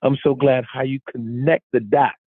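A man's voice: mid-range voice, fairly even intonation, normal speed, husky, no room sound, narrow, tinny audio. A man taking part in a class, giving an impassioned testimony in a fervent, repetitive, emphatic way. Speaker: class participant.

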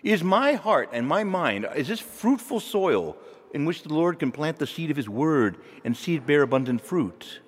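Male preacher, lively pitch, chatty sermon delivery, echoing church hall. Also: normal speed. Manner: conversational, animated, asks the listeners questions. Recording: long reverb of a large hall.

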